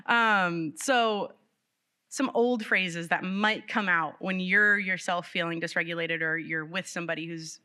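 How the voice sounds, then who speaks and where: A woman special education teacher giving a live presentation to parents in a library meeting room, talking in an animated, conversational way with light laughs. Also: fairly low pitch, unhurried, smooth.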